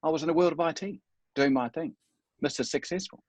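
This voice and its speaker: Husky middle-aged man telling his story. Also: on the high side, a little fast, dry recording. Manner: earnest, reflective, self-deprecating. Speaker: guest speaker. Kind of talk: personal storytelling in a talk.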